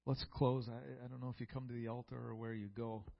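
A man's voice: mid-range voice, level tone, brisk, creaky, highs cut off. A man preaching a sermon in a church, reading scripture aloud and building to fervent peaks.

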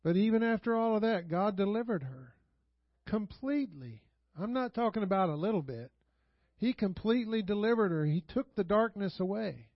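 An expressive, high-voiced pastor preaches at a moderate pace in a church sanctuary, telling stories casually and pressing his congregation with rhetorical questions. He chuckles often, in a dry, dull, lo-fi recording lacking any room echo.

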